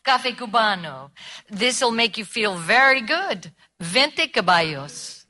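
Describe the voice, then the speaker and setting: Woman doing a kind motherly salon owner, bright tone, very lively pitch. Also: slow, exaggerated voice. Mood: kindly. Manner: kindly, persuasive, mixes Spanish words. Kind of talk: comedy drama acting.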